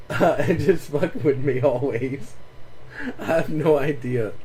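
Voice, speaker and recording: A relaxed man drawls through gameplay commentary, wandering off on stories and cursing casually. His pace is unhurried and there is noticeable noise behind the voice. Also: fairly high pitch. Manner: laid-back, swearing, rambling with laughs. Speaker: gaming streamer.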